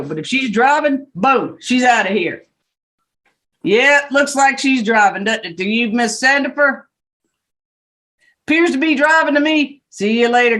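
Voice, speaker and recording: A woman judge with a Southern US accent giving brisk, stern and joking courtroom instructions over a video call. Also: fairly high pitch, fairly bright tone.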